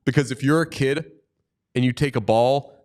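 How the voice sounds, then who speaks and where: A man co-hosting a sports podcast in casual chat, animated and joking, swearing freely. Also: medium pitch, moderate pace. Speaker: podcast co-host.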